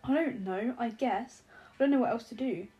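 A woman's voice: a little high, normal speed, warm tone, muffled recording, close to an everyday voice. A woman voicing a jittery, sarcastic young man who talks in exasperated, rambling, profane bursts. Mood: anxious.

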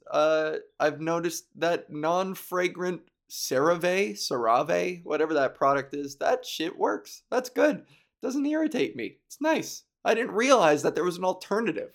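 Man, casual monologue, slightly raised pitch, slow pace, animated, laughs often. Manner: animated, laughs often, mimics others mockingly.

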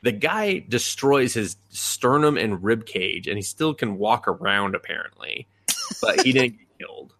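A man's voice: fairly low pitch, a little slow. A man co-hosting a podcast, recapping anime in casual chat, acting out quotes with profanity and laughter. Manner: animated storytelling, acts out quotes, profane. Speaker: podcast co-host.

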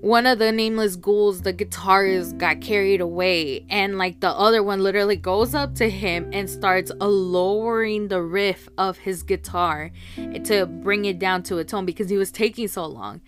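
A woman talks her way through a casual solo podcast, rambling, laughing often and filling gaps with ums and likes. Her pitch sits in an ordinary middle range, and clear guitar music plays underneath her voice. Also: steady tone, normal speed. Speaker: podcast host.

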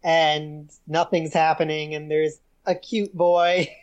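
A young woman co-hosting a podcast, recapping a TV episode in casual chat, relaxed and amused with frequent giggles. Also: sits low, slow, lo-fi sound. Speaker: podcast co-host.

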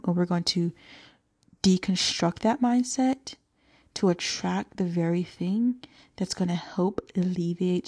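A woman's voice: lowish voice, dark tone. A young adult woman hosting a solo podcast, talking earnestly and coaching her listeners, sometimes dropping to a whisper for emphasis. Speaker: podcast host. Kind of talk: solo podcast talk to single moms.

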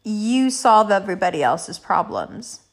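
A woman quoting an earnest, protective young man in a soft, lowered voice. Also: big pitch swings, measured pace.

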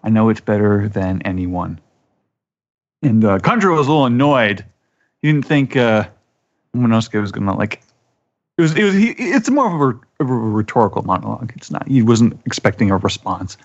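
A man's voice: lowish voice, very animated, fairly quick. Man recapping over dull lo-fi audio. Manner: narrates scenes, acting out quoted lines in a raised voice. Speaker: podcast panelist. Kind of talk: casual manga recap chat.

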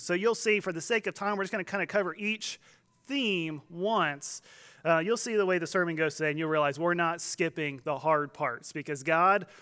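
High-voiced man preaching a casual sermon. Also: clean tone. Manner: conversational, joking, animated quoting voices. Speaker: pastor.

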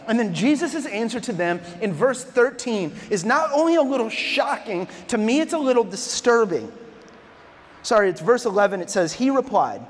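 A man preaching a sermon as pastor, animated and acting out the people in his story. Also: very high-pitched, moderate pace, in a large hall. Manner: animated, acts out voices of disciples and Jesus.

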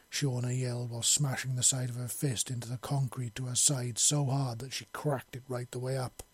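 A man reads a fantasy story aloud with dramatic, vivid storytelling. His mid-pitched voice is husky, and the recording is dry and close. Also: darkish tone, no echo. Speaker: narrator. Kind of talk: scripted fantasy audiobook narration.

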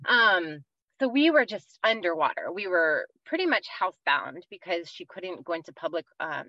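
A woman's voice: lowish voice, sing-song, moderate pace, pushed and bright, dry recording, highs cut off. A woman from the East Coast of the United States, in her thirties, telling an earnest personal faith story as a podcast guest, with many fillers.

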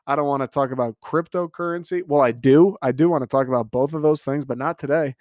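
A young man with the hiccups hosts a casual solo podcast. He's in his twenties, rambling and sarcastic with self-mocking asides, and his voice sits on the high side, fast with few pauses and a slightly mellow tone. No echo colors the clean studio sound.

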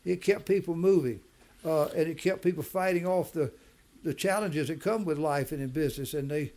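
A man's voice: fairly high pitch, normal speed, darkish tone. A man speaking as a business leader in an interview, emphatic, often repeating and restarting his words. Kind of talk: conversational interview.

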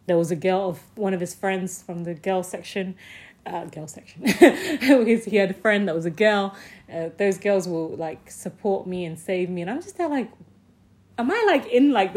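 Woman, mid-range voice, casual storytelling, animated and sweary, laughs through her lines. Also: mid-range voice. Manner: animated, swears freely, many "like" fillers; often laughs mid-sentence.

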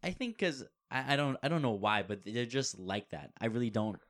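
A man chatting casually, giving quick reactions and short remarks. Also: mid-range voice, animated, fairly bright tone. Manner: reacts with short interjections and laughs. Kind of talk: casual chat.

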